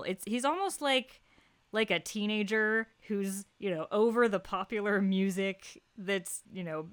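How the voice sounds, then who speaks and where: Smooth-voiced enthusiastic woman co-host. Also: mid-range voice, a bit bright, no echo. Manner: enthusiastic, laughs often, explains at length. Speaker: podcast co-host. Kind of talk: casual chat about a TV comedy.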